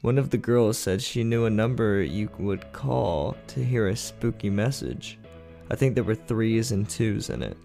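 A man with a fairly low voice narrates eerie stories, taking his time over each line. Soft guitar plucks along quietly behind him. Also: a little slow, creaky. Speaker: podcast host and narrator. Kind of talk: scripted narration of creepy tales.

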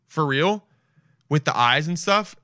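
A man's voice: fairly high pitch, expressive, a little slow, heavy background noise. A young man streaming and reacting to videos in loose, swearing, self-mocking casual talk.

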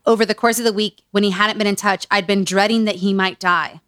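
Woman host, mid-pitched, dry close sound; reads excerpts and cuts in sarcastically. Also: steady tone, brisk, fairly bright tone, dry recording. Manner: sarcastic asides while reading. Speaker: podcast host. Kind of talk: casual book-review chat with read-aloud passages.

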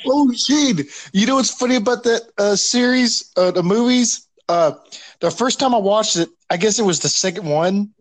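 A man with a high voice tells stories in a casual chat, stumbling and restarting as he talks. He repeats words and trails into fillers, giving the telling a halting, unpolished sound. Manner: halting, stammering anecdotes.

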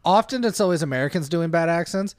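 Jokey podcast co-host, man, slightly high, very animated intonation, dry mic. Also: fast talker, no room sound. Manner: wry, jokey banter. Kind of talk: casual movie podcast chat.

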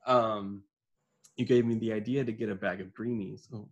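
A man co-hosting a podcast, telling a story in casual chat, swearing and breaking into laughter and yells. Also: on the low side, fairly even intonation, moderate pace, muffled recording. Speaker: podcast co-host.

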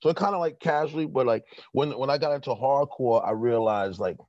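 A man's voice: medium pitch, fairly quick, a little mellow, no room sound. A middle-aged man, a guest telling long, rambling stories in casual chat with many fillers. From New York. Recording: dull muffled sound.

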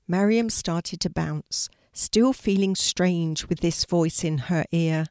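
An older woman reading a children's story aloud in a calm, clear way. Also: fairly low pitch, slow, few pauses, dry recording, clean studio sound.

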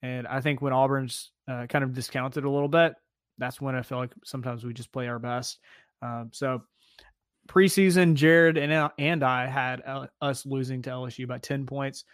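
A man co-hosting a sports podcast in a relaxed, casual way, with many fillers as he talks. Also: mid-range voice, normal speed, no echo, studio quality. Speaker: podcast co-host.

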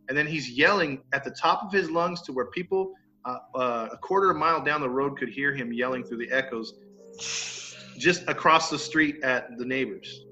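A man spins a casual story for his listeners, acting out the neighbors he quotes with a few mild curses. His voice is bright and forceful and sits a little high. The recording is dull and lo-fi, with faint music underneath. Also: normal speed. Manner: animated, acts out quoted neighbors, mild cursing. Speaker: podcast storyteller.

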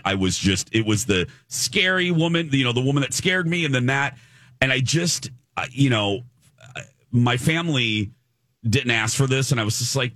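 A man's voice: medium pitch, no room sound, studio quality. A man co-hosting a podcast, telling a story in casual chat and acting out what people said. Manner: animated, acts out quoted voices. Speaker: podcast co-host.

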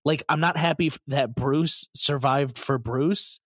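A man's voice: on the high side, unhurried, a bit bright, no room sound. A man in casual podcast chat, talking in an enthusiastic, effusive way.

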